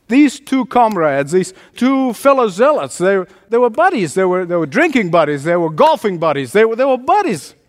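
A man's voice: high voice, very animated, normal speed, few pauses, long reverb tail. A man preaching a sermon as pastor, emphatic and repeating his phrases for force.

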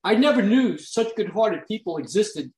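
A man's voice: high-pitched, very animated, normal speed, a little mellow. A man speaking heartfelt, admiring words and putting questions to a guest in an interview. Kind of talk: interview conversation. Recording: roomy echo.

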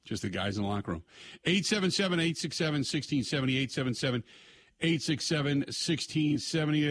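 A man hosting a sports radio show, animated and repeating phrases for emphasis. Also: fairly high pitch, a little fast.

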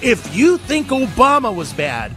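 A man's voice: very high-pitched, huge pitch swings, measured pace, fairly bright tone, soft background music. A man hosting a political talk radio show, emphatic and mocking, who repeats his points and hammers them home.

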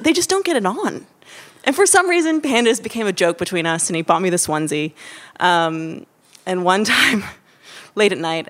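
A woman tells a funny personal story to a live audience. Her delivery is wry and playful, and her pitch swings widely. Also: fairly bright tone. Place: live theatre stage.

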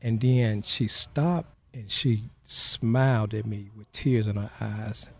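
A man being interviewed, recounting a personal story in a halting way, full of "you know" fillers. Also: lowish voice, darkish tone. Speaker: interview guest.

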